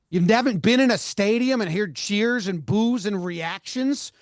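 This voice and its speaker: A man's voice: high voice, unhurried, dry recording, studio quality. A man co-hosting a casual sports podcast, fired up and exasperated, swearing as he rants. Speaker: podcast co-host.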